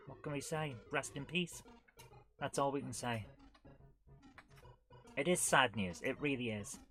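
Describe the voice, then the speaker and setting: Chatty woman streaming a retro game. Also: rumbling low. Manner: chatty, giggly, reads chat aloud. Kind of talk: casual live-stream chat while gaming.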